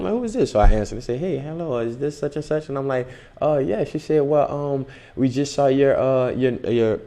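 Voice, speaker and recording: Lower-voiced young man telling a story. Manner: animated, acts out dialogue in the story. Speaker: actor guest. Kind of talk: casual storytelling interview.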